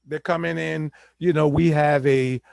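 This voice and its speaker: A man hosting a real estate talk show, explaining the housing market in casual chat and acting out buyers and sellers in quick asides. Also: fairly high pitch, fairly even intonation, gravelly, darkish tone, dry recording.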